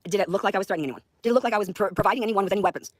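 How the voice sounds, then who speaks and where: A woman's voice: mid-range voice, rapid-fire, no echo. A woman in her thirties from the United States, livestreaming in an agitated, profane and accusatory manner. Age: 30s. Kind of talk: confrontational livestream rant.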